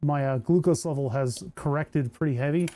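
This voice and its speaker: Man, a touch high, mellow tone, thinks aloud as he solders, casual streamer. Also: normal speed. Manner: muttering to himself while working. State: hand cramps. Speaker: maker streaming a build. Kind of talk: casual workbench chat.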